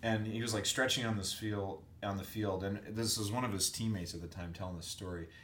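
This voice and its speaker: A man, a music professor, chatting as an interview guest and telling animated stories in which he acts out the people he met, recorded on a USB microphone in a hotel room. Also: on the low side, brisk. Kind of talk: casual storytelling interview. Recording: echoey hotel room, faint air-conditioner hum.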